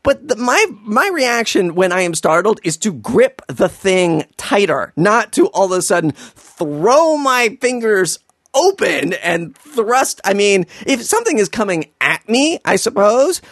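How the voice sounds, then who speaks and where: A man's voice: high-pitched, big pitch swings, a little slow, fairly bright tone, no echo. A man doing a sarcastic, exasperated comedic recap of a film, swearing freely.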